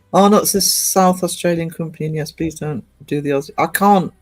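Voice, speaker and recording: A woman's voice: deep voice, normal speed, soft background music. A woman from northeast England chatting on a casual livestream, reading out viewer comments and rambling with lots of ums and restarts. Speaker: live streamer.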